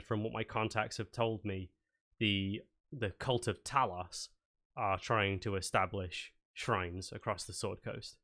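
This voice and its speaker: A man narrating as game master, talking in a hesitant, low-key way. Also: a bit bright. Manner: hesitant, many fillers and restarts, low-key.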